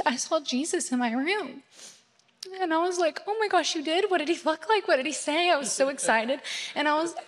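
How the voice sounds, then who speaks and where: A young woman giving a personal testimony at church, talking in a chatty way full of fillers and excited retellings. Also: medium pitch. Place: church sanctuary. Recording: reverberant church hall.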